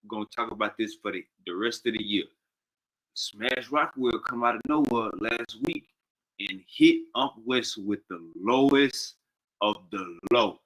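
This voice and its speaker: A man hosting a live stream in casual chat, rambling and losing his train of thought, then getting loud and worked up. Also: medium pitch, low-quality recording.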